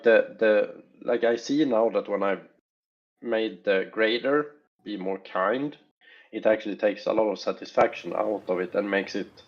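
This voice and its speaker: A low-voiced man with a gravelly, husky tone explains his work as a game developer, pausing to weigh options as he talks. The recording is dull and lo-fi, with the top end missing. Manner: thoughtful, hesitant, weighing options aloud. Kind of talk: casual interview talk.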